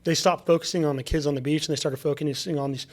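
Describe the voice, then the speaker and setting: This man's voice is fairly high and fast as he guests on a podcast, chatting casually. He tells animated stories and acts out the things people told him.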